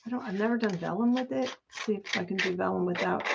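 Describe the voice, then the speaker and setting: Speaking fast in a mid-range voice, a woman hosts a laid-back craft-along livestream, chatting with her viewers and thinking out loud as she measures and cuts. The sound is a dull, lo-fi home stream with noticeable background noise.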